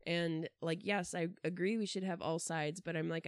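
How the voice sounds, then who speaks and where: Lower-voiced woman librarian telling stories. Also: expressive, moderate pace, no echo. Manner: storytelling, hesitant with fillers. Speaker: librarian and podcast co-host. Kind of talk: casual chat.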